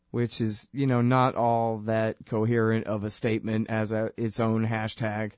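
A man's voice: lowish voice, steady tone, moderate pace, few pauses, no room sound, studio quality. A man hosting a political commentary show, talking in a sarcastic, impassioned way. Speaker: show host.

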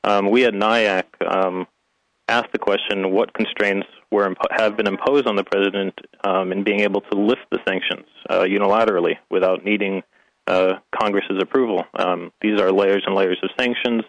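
Low-voiced male analyst, dry sound. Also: steady tone, no echo, low-quality recording. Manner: measured, with frequent ums. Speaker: policy analyst guest. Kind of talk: interview answers.

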